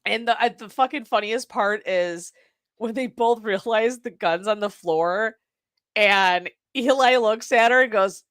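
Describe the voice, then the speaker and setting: Slow-talking profane woman podcaster. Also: fairly high pitch, fairly bright tone, no echo, clean studio sound. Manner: profane, laughing retelling with mimicked lines. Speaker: podcast co-host. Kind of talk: casual movie review chat.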